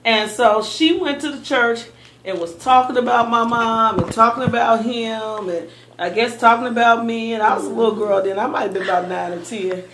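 A woman recounting childhood memories in a lively storytelling manner, often laughing as she remembers. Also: a little high, normal speed, reverberant, slight background noise. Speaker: interviewee recalling childhood. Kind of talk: oral history storytelling.

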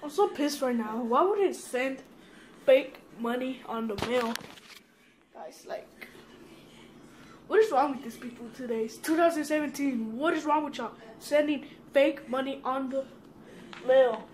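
Woman, casual vlog, excitable, swears a lot, high voice, faint background hiss. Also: normal speed. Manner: excitable, swears often, talks straight to viewers. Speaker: vlogger. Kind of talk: casual mail-opening vlog.

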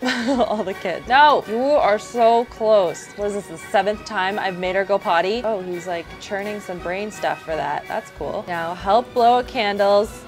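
Young woman chattering through her sims game, excitable, mid pitch, faint music behind. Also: unhurried, few pauses. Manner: chatty, excitable, narrating each step aloud. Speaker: gaming YouTuber, host. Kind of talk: casual gameplay commentary.

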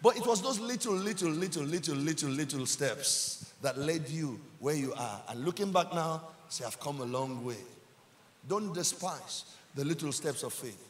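A man with a Nigerian accent, a pastor preaching a sermon in church, building up to shouted emphasis and repeating his lines. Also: fairly high pitch, moderate pace, few pauses, long reverb tail, slight background noise.

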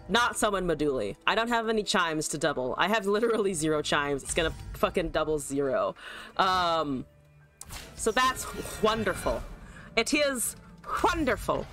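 A woman's voice: fairly low pitch, expressive, moderate pace, fairly bright tone, faint music behind. A woman streamer casually commentating her card game, joking, laughing and swearing freely.

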